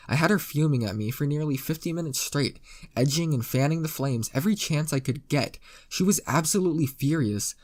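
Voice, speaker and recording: A man's voice: medium pitch, darkish tone. A man reading a first-person internet story aloud in a casual, dry way with crude asides. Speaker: story narrator.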